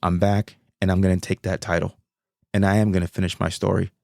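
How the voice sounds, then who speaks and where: A man with a low-pitched voice, hosting his own podcast in an excitable, rambling rush. He swears freely and circles back on his points, and his voice sits close and dry with no room around it. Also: fairly quick, creaky, no echo. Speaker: podcast host. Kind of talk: casual solo commentary.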